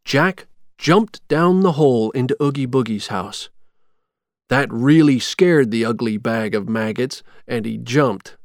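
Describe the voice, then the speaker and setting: A man reading a storybook chapter aloud in a slow, measured, clear way. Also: mid-range voice, no room sound, studio quality. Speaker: narrator.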